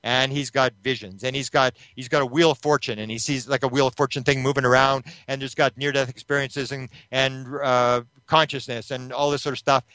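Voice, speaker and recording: Male interview guest, mid-pitched, dry close sound, animated storyteller who acts out quotes. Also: fairly quick, hardly any pauses, no echo. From Canada. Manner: animated retelling that acts out quoted voices, with restarts. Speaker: interview guest, UFO researcher.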